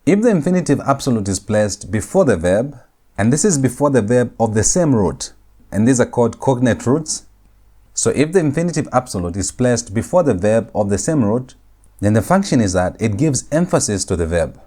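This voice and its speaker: A man teaching a recorded grammar lecture, speaking slowly and deliberately and repeating words and phrases for emphasis. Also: medium pitch, very animated, warm tone.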